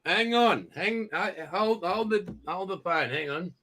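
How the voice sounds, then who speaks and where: A man's voice: high voice, lively intonation, measured pace, bright, forceful tone. A man with an Australian accent hosting a live video chat, joking and bantering playfully. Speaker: host.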